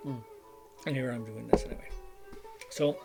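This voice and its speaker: A man's voice: medium pitch, fairly even intonation, normal speed, gravelly, over loud music. A middle-aged man with a cough and headache, rambling in a casual chat at his home desk mic, with lots of fillers and self-deprecating asides. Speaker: vlogger. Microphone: desk microphone.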